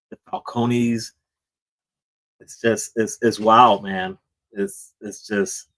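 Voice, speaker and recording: A man's voice: on the low side, fairly bright tone, poor audio. A man hosting a comic book show, chatting casually about a book, rambling, repeating words and often saying "man".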